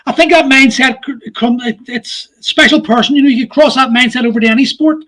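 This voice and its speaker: Brief: male podcast host, forties, unusually high voice, candid and sweary, laughs a lot. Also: fast, pushed and bright. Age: 40s. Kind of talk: casual chat.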